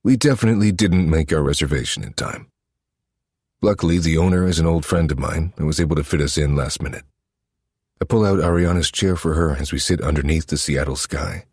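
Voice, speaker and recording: A man narrating a first-person romance story in a low, intimate, steady manner. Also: brisk, breathy edge, no room sound, studio quality. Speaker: audiobook narrator.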